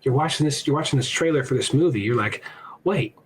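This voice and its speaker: A man's voice: mid-range voice, fast, breathy edge. A man guesting on a podcast, telling stories in rambling, profane, casual chat. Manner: rambling, laughing storytelling with swearing.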